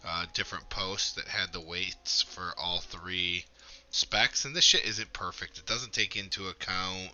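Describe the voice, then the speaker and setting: A man's voice: low-pitched, fairly even intonation, a little slow, bright, forceful tone, highs cut off. A man streaming a game, chatting casually and swearing freely as he explains his setup at length. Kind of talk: casual gameplay chat.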